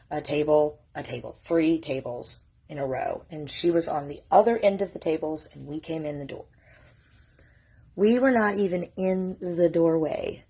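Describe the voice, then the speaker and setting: Husky low-voiced woman, emotional. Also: warm tone. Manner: emotional, holding back tears, casual swearing. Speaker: mother telling her family's story. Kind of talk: casual storytime vlog.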